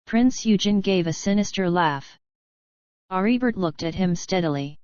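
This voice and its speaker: A woman narrating a classic novel as an audiobook in measured storytelling. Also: on the low side, lively intonation, a little mellow, no room sound, highs cut off. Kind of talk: scripted narration.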